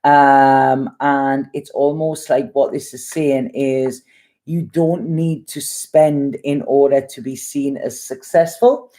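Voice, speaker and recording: Woman, tarot reader, deep mellow voice, rambling, blunt, swears. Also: fairly even intonation, takes it slowly. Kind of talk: casual tarot reading.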